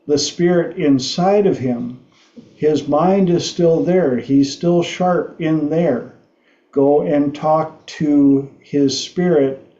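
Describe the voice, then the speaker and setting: A middle-aged man hosting a livestream talk show, telling stories slowly with frequent restarts. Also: a little high, mellow, roomy sound, muffled recording. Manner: slow, halting storytelling with restarts. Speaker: podcast host.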